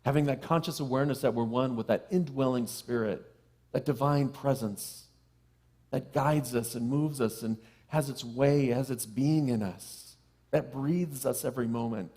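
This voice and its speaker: A middle-aged man, a minister, giving a sermon to a live congregation, with playful self-deprecating asides and a soft hush on key phrases. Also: medium pitch, moderate pace. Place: church sanctuary with live congregation.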